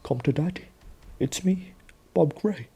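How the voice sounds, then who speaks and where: A man's voice: on the high side, unhurried, mellow, husky, voice pushed up, exaggerated voice. A man voicing a smug male evil clown entity, talking in casual slangy mockery. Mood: luring.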